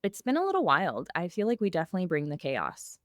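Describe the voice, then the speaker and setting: A woman's voice: fairly low pitch, huge pitch swings, fast talker, fairly bright tone, no echo. A young woman guest with a sore throat, chatting casually in dry, brief replies. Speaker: guest, operations director. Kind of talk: casual podcast chat.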